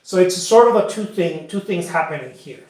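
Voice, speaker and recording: In a very echoey room, a man with a high, animated, slightly mellow voice teaches painting at a moderate pace. He rambles casually as he works, often repeating himself and saying "you know."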